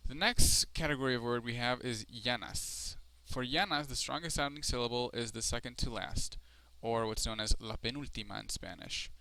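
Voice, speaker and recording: Male language teacher, screencast lesson, bright crisp voice, explanatory, lots of ums. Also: medium pitch, normal speed, few pauses. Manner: explanatory, with frequent fillers and self-corrections. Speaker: Spanish teacher.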